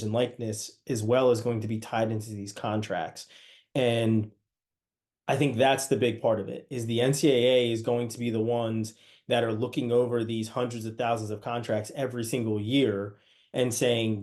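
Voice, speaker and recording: Male podcast host, casual and chatty, mid-pitched, talks in loose asides. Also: darkish tone. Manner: conversational, many restarts and asides.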